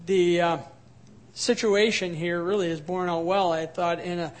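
A high-voiced man preaches a sermon. He sounds animated and gets loud and forceful on his points of emphasis. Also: measured pace. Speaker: pastor.

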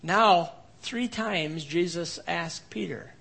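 Male pastor with a high voice, expository preaching, dynamic swings from emphatic to hushed. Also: slow pace, creaky, husky. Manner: swings between emphatic rises and quiet low passages. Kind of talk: expository sermon.

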